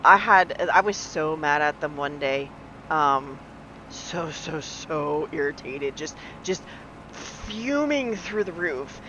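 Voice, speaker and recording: A woman's voice: low-pitched, animated, slow pace, lo-fi sound, noisy background. A woman in her forties streaming live, telling stories in casual chat while gaming, laughing often and acting out the people she quotes. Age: 40s.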